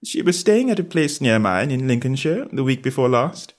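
A man playing a shy, toneless young gentleman. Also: medium pitch, moderate pace, voice pushed up, close to an everyday voice. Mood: meek. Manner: diffident, flat and toneless.

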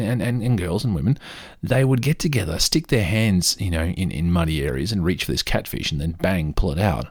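A man tells casual, rambling stories to his listeners, often mocking himself. His voice sits very low, with a gravelly fry and a husky grain. It is recorded dry and close. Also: moderate pace, dry recording. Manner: rambling, self-deprecating, animated. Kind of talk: casual storytelling monologue.

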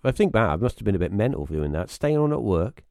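British man, guest storyteller, rambling anecdotes, acts out quotes in a high voice, mellow tone, dry close mic. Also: very animated, fast, vocal fry, no room sound. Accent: British English. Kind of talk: casual storytelling on a live stream.

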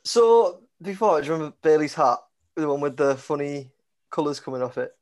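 Fast-talking man grilling with questions. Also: a little high, animated, darkish tone. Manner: quick, probing questions, stumbles over words. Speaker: quiz contestant. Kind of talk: casual podcast banter.

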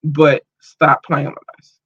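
A woman's voice: deep voice, level tone, takes it slowly, breathy edge, no echo. A woman hosting a livestream, ranting in a heated, emphatic and profane way. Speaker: livestream host. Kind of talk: casual livestream rant. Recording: dull lo-fi stream audio.

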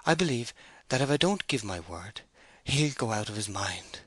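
A man's voice: lowish voice, very animated, normal speed, slightly rough, no room sound. Bathsheba, a troubled young woman read by a man. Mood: anxious. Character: young woman farm owner, proud and troubled. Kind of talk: audiobook character voice.

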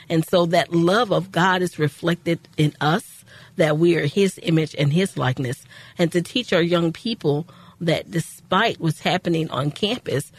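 A woman co-hosting a faith-based radio talk show, speaking in a measured, affirming, preacherly way. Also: sits low, husky.

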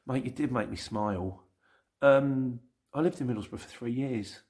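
A man's voice: medium pitch, moderate pace, darkish tone. A middle-aged man with a London accent hosts a casual Q&A, reading out viewer comments in a chatty, rambling way with self-mocking asides. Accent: London English. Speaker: YouTube channel host.

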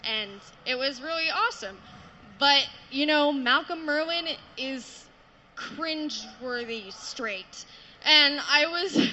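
A woman's voice: fairly high pitch, sharp tone, highs cut off, a little hiss or hum. A young woman asking a nervous, hesitant question from the audience at a panel. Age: young adult.

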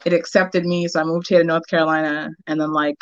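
A woman in her thirties from Boston, chatting as an interview guest. She tells her story candidly and laughs easily, in a somewhat low voice. The sound is dry and a little dull. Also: little pitch movement, fast talker, dry recording. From Boston, United States. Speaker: real estate agent, guest. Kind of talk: casual interview chat.

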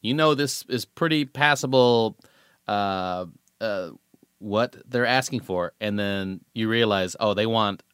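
Smooth low-voiced male interviewer. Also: takes it slowly, a bit bright, no echo, studio quality. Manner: thoughtful, hesitant questions with agreeing backchannels. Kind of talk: casual interview chat.

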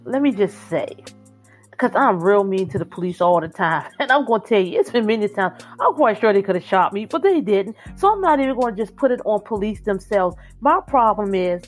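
A woman co-hosting a casual talk show, opinionated and blunt, who hammers her points with repetition. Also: medium pitch.

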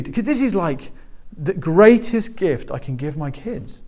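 Animated pastor in his forties. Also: on the high side, a little slow. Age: 40s. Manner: animated storytelling, acting out quoted voices. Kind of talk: sermon.

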